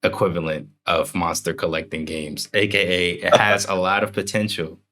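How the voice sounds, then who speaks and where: A man's voice: deep voice, level tone, normal speed, pushed and bright. A young man co-hosting a podcast, chatting casually in a rambling, joking way. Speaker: podcast co-host.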